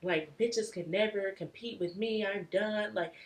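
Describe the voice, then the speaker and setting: A woman's voice: mid-range voice, a little slow, poor audio. A young woman in casual podcast chat, candid and crude, telling stories with lots of "like". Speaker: podcast co-host.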